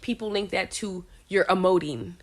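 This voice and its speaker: Expressive middle-aged woman musing aloud. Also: mid-range voice, normal speed. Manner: expressive, reflective, many restarts. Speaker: podcast co-host. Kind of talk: casual chat.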